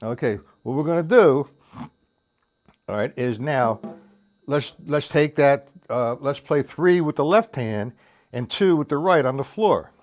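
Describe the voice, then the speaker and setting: A drum teacher, worn out after staying up all night, gives a live-streamed lesson, rambling loosely and counting beats aloud as a drum kit plays. His mid-range voice is animated but a little slow, with a darkish tone.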